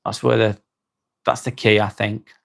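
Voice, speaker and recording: A man with an East Lancashire accent hosting a live stream, chatting calmly with viewers, reading their comments and calling them mate as he winds down. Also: fairly low pitch, gravelly. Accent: East Lancashire English. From North West England. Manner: calm, unhurried, winding down, calls people mate.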